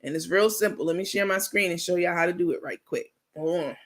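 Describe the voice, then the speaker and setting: A woman's voice: fairly low pitch, quick pace. A woman hosting a casual late-night livestream, sassy and salty, laughing often and answering viewer comments as she goes. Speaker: livestream host.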